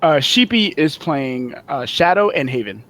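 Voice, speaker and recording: A man's voice: a little high, animated, unhurried, a bit bright. A man doing casual live commentary on a card game stream, easygoing and a little scattered. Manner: easygoing, a bit scattered, laughs easily. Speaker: esports commentator.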